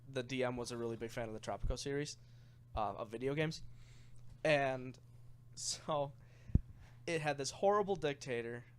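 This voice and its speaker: A young man with a mid-range voice rambles through a tabletop game story on a podcast, growing animated and swearing as he gets excited. The recording has a little hiss or hum.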